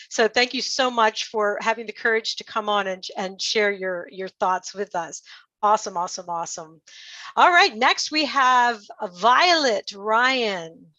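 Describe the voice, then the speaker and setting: A woman's voice: mid-range voice, moderate pace, bright, forceful tone, no echo, dull audio. A woman moderating an online panel, upbeat and encouraging as she introduces speakers.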